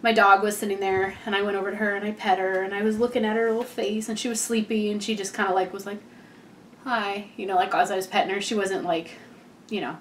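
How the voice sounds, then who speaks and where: A woman's voice: mid-range voice, level tone, fast talker, a little hiss or hum. A heavily pregnant young woman giving a casual, rambling vlog update, chatty and laughing often. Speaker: vlogger.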